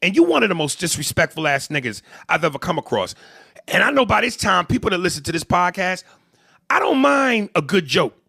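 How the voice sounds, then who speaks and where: A man who works as a comedian, co-hosting a podcast and telling profane, animated, joking stories in a casual rant. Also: high-pitched, fast, creaky, slightly rough, no echo, clean studio sound.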